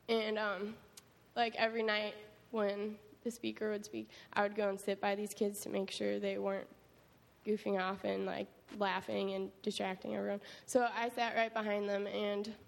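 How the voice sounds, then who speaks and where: A young woman, a camp counselor, giving an animated personal testimony full of quoted asides. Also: mid-range voice, vocal fry. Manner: animated storytelling with many likes and quoted asides. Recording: echoey hall with faint ambient noise.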